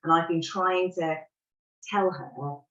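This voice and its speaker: A woman's voice: fairly low pitch, takes it slowly, highs cut off. Candid woman, roomy distant sound. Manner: candid, laughs at herself while recounting. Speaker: parent sharing an example. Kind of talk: reflective conversational talk.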